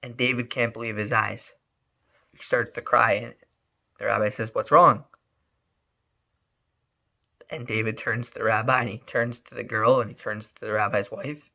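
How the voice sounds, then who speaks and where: A man telling a story in an animated, emphatic way, often repeating words. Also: lowish voice, normal speed, creaky, muffled recording. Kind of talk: spoken storytelling.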